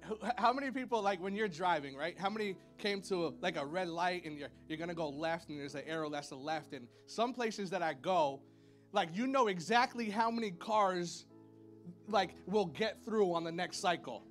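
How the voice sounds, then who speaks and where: In a church sanctuary with faint music behind him, a pastor speaks at a normal pace in a fairly bright tone. His sermon to the congregation is casual and playful, loaded with "y'all" and "like," and dotted with high playful sound effects.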